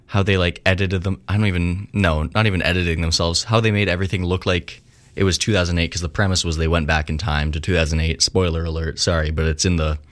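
A man's voice: low voice, a bit bright. A young man hosting a radio show, chatting casually and rambling between songs, with a slightly slurred way of talking. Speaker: radio host.

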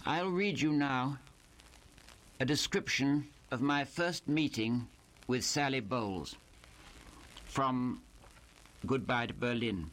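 An older man reading aloud from his own book, speaking in a measured way with hesitant pauses. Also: medium pitch, fairly bright tone, a little hiss or hum. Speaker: author.

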